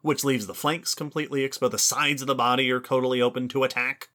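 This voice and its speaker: Bright-voiced man explaining enthusiastically. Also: mid-range voice, fairly even intonation, quick pace. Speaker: podcast co-host. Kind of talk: educational casual chat.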